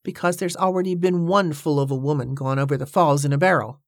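Narrator doing a gruff, stubborn old boatman. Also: medium pitch, a little fast, no echo, studio quality, close to an everyday voice. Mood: stern. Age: older. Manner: curt, flat refusals. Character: gruff older male boatman, stubborn and blunt.

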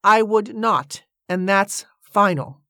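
A narrator voicing a gruff older male boatman who refuses flatly and bluntly in an audiobook. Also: mid-range voice, normal speed, no room sound, studio quality, natural voice. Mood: stern. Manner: curt, flat refusals.

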